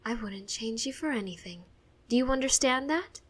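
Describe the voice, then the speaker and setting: A woman's voice: on the high side, animated, moderate pace, husky, voice pushed up. A tearful, loving mother, read by a woman. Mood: tender. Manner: tender, tearful. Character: loving, emotional single mother.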